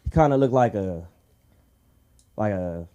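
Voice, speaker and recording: A man doing a crude stand-up set at an open mic, acting out characters in shrill voices. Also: expressive, measured pace, dark tone. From Southern California. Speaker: stand-up comedian. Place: comedy club stage.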